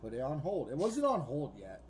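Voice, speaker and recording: A man's voice: medium pitch, wildly swooping pitch, fairly quick, a little mellow, slight background noise. A man co-hosting a podcast, telling a rambling, profane story in casual chat. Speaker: podcast co-host.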